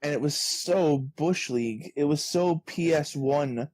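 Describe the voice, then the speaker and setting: A man's voice: fairly high pitch, measured pace. A man guest on a podcast, chatting casually as an author and acting out quoted exchanges with lots of energy. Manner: animated storyteller, acts out quoted exchanges.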